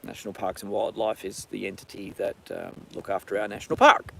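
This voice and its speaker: A man's voice: fairly low pitch, little pitch movement, fairly quick, creaky, slight background noise. A man with an Australian accent, live-streaming from a horse paddock on his phone, ranting and then chatting casually. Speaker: livestream host.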